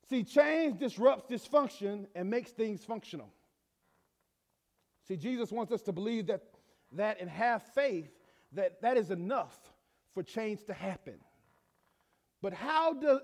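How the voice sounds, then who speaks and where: Male pastor, sermon, very high voice, emphatic with stammered restarts, long church reverb.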